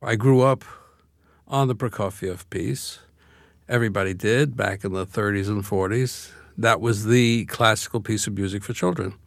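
Speaking at a moderate pace with vocal fry, an older Brooklyn man with a voice on the low side is heard in studio quality with no room sound. As an author guest in a conversational interview, he's reflective and wry and laughs easily.

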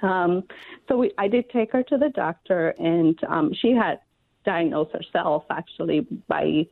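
A woman calling a radio show about her daughter, speaking hesitantly with many pauses. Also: lowish voice, gravelly, dry recording. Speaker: caller. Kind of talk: radio call-in question. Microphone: phone line. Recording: tinny phone line.

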